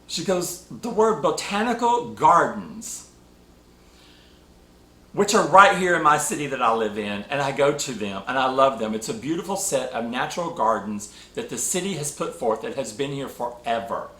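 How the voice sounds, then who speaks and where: A man hosting a spiritual talk show, telling a personal story with emotional, animated delivery. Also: mid-range voice, brisk, hardly any pauses. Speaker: podcast host. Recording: echoey room.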